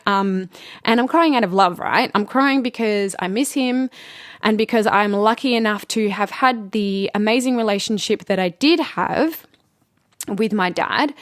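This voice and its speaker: Woman, podcast host, earnest and open, soft laughs, dry close mic. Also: medium pitch, no room sound. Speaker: podcast host and spiritual intuitive. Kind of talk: personal podcast monologue.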